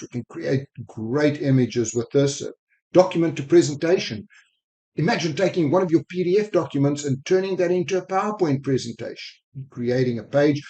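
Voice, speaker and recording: A man with a mixed South African, Spanish and American accent, a sales technology speaker giving a screen-recorded software walkthrough, talking quickly and enthusiastically into a desk microphone. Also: mid-range voice. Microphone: desk microphone while screen recording.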